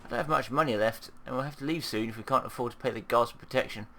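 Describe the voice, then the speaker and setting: A man reading the lines of a worried young woman whose husband was arrested, speaking in a halting, anxious way. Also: medium pitch, bright, forceful tone, soft background music. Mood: upset. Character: upset young wife, worried about husband.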